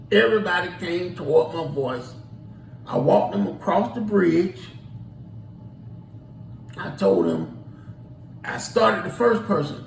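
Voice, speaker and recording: A tour guide tells a rambling story casually, acting out what people said. His voice is on the high side and gravelly. The recording sounds roomy and distant, with slight background noise.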